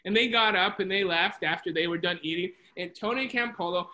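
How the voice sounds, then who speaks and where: Bright, chatty storyteller on a video call. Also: mid-range voice, a little fast, poor audio. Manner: lively, chatty retelling with many restarts and voices. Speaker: Bible study leader. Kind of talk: storytelling in a Bible study.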